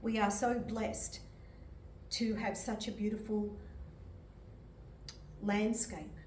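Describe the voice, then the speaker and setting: An older woman preaches gently from a distance, her voice bouncing around an echoey hall. She shares personal testimony with emotion and laughs often as she speaks. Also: medium pitch, level tone, slow pace, a little hiss or hum. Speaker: medium and reverend. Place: church hall.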